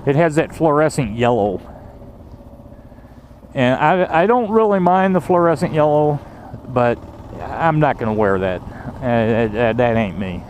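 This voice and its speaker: A man talks through his gear in a slow, unhurried ramble, stopping often on fillers and starting his sentences over. He swears casually now and then. A clear steady noise runs behind his voice. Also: medium pitch. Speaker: gear reviewer.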